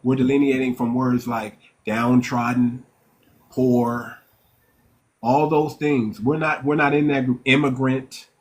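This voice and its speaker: A man's voice: mid-range voice, flat delivery, takes it slowly, a little hiss or hum. A man hosting a live-stream talk, reading chat comments aloud and speaking in an emphatic, preacher-like way straight to his audience. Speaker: livestream host.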